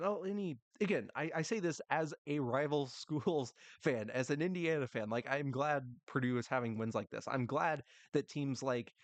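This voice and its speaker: Gravelly young man hosting a sports podcast. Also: medium pitch, dry recording. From United States. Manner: rambling, self-interrupting, laughs at himself. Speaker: podcast host. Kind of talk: solo casual sports talk.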